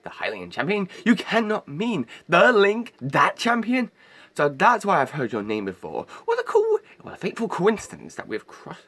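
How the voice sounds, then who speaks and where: A man's voice: high voice, huge pitch swings, normal speed, fairly bright tone, voice pushed up, heavily acted. A man doing an eager young fish prince.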